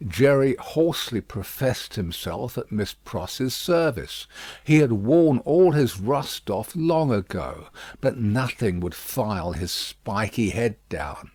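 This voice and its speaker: A man narrating a classic novel as an audiobook, measured and expressive. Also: on the low side, dry recording. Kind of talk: scripted narration.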